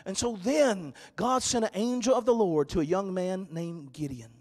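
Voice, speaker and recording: A male pastor preaching a sermon, swinging from loud, shouted exhortation to quiet, hushed storytelling. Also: sits high, normal speed, big-room sound.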